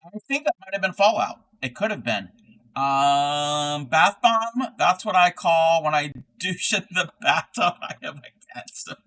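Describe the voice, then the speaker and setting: A man's voice: fairly high pitch, animated, unhurried, bright, forceful tone, poor audio. A man chatting casually on a livestream while crocheting, reading chat aloud and laughing often. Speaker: streamer crocheting live.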